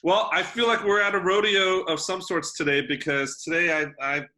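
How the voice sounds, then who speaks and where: A man co-hosting a podcast in a playful, joking way, often pausing with "um". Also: high voice, bright, forceful tone. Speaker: podcast co-host. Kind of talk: casual podcast chat.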